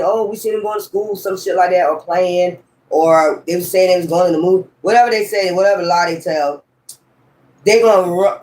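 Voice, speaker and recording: A man's voice: high-pitched, darkish tone. Profane, rambling man in an echoey room. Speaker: tarot reader. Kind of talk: casual tarot reading monologue.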